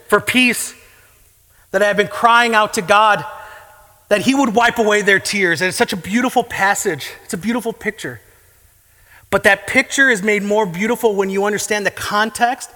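Fervent preacher, male, high and bright, in a reverberant church hall. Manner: fervent, rising to impassioned pleading. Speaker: pastor. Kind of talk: sermon.

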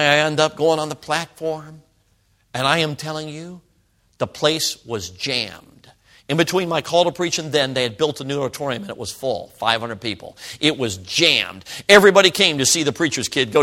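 A man in his sixties, a pastor telling a story in a sermon, swinging from loud outbursts to hushed whispers. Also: on the high side. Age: 60s.

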